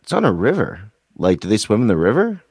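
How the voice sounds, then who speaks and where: A man's voice: fairly low pitch, huge pitch swings, a little fast, darkish tone, breathy edge, no echo. A man from the US co-hosting a casual podcast chat, teasing and playful. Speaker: co-host.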